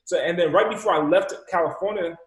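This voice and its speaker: A man from Rhode Island, an entrepreneur and speaker telling a personal story in an animated way, acting out the dialogue and repeating words. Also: high-pitched, quick pace. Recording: echoey room.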